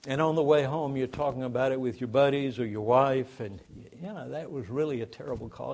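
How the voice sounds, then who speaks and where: A man's voice: mid-range voice, darkish tone. A man preaching a sermon in a conversational way, asking the congregation rhetorical questions. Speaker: pastor.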